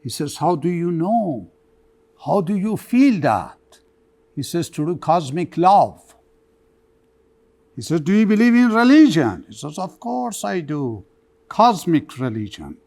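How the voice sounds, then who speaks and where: A man's voice: a little high, slow, creaky, pauses often. A man giving a religious lecture, telling stories with quoted back-and-forth dialogue. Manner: animated storytelling with quoted dialogue.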